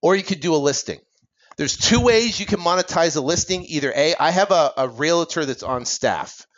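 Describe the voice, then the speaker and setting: A man teaching real estate investing in an energetic, worked-up way, acting out talks with sellers and tossing in "right?" asides. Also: a little high, highs cut off. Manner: fast, animated, acts out seller dialogue, many "right?" asides.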